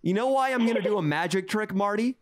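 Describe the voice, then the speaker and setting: A man's voice: high-pitched, lively intonation, fast talker. A man co-hosting a podcast, grilling a guest in a mock-serious, joking way. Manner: mock-serious, playful interrogating. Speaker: podcast co-host.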